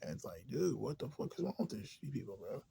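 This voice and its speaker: A man ranting in a rambling, profane, casual way, drifting between low mutters and louder outbursts. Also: sing-song, quick pace, creaky, a little hiss or hum. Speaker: vlogger.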